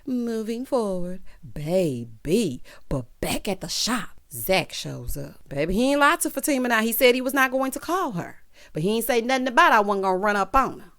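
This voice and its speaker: A woman reviewing a TV episode in casual, sassy commentary. Her pitch swings widely as she talks. She keeps calling her listeners honey and child. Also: moderate pace. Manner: sassy, expressive, calls viewers honey and child. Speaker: TV recap reviewer.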